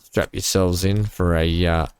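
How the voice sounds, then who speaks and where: Rambling low-voiced gamer. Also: male voice, steady tone, measured pace, smooth. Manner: rambling, joking, thinks out loud. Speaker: gaming channel host. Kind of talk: casual let's-play commentary. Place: home.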